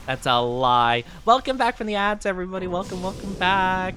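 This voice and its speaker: A playful male streamer chatting with his viewers while he plays a game. His voice swings up and down with animated, expressive pitch. Faint music plays in the background. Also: normal speed, hardly any pauses. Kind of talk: casual gaming stream chat.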